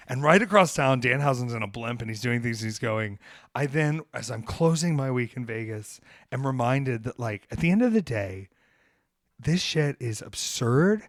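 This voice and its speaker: A man hosting a podcast, telling a story in a casual, animated way. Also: mid-range voice, normal speed, dry recording, clean studio sound. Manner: animated, acts out quoted voices. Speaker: podcast host, pro wrestler.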